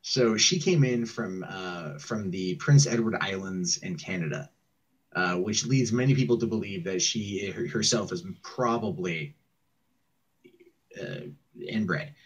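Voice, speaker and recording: A man's voice: sits low, expressive, a little slow, breathy edge. A man telling a long story on a call in a rambling, profane way, often mimicking what others said. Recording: muffled distant secretly recorded call.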